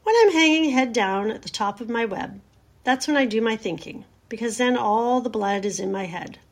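A woman voicing a calm wise spider. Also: fairly high pitch, normal speed, vocal fry. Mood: firm, soothing. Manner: cool, collected and motherly.

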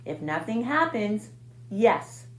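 A woman voicing a wise, weary female spider who speaks quietly and gently in a storybook reading. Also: mid-range voice, very animated, slow, echoey room. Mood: sad. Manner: quiet and gentle, weak-voiced.

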